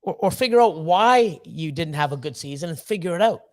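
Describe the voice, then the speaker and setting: Man, high voice, blunt, swearing a lot, fired-up livestream rant. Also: animated, fairly quick. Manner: blunt, profane, fired-up motivational ranting. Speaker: snake breeder hosting a livestream.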